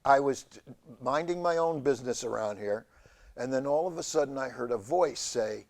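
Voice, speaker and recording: A man hosting a community TV show, telling a rambling comic monologue in a halting deadpan way with many fillers. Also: medium pitch, vocal fry. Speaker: show host. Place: community TV studio.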